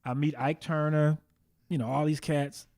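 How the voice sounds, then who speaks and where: A man from the Bay Area, a guest drummer, telling animated anecdotes and mimicking the people he quotes. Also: on the high side, normal speed. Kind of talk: casual interview storytelling.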